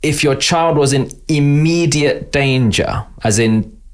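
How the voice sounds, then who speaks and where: A man's voice: mid-range voice, slow. A middle-aged man with an East London accent, a podcast guest talking casually and acting out the voices of people he quotes. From England. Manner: animated storyteller, acts out quoted voices. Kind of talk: casual interview talk.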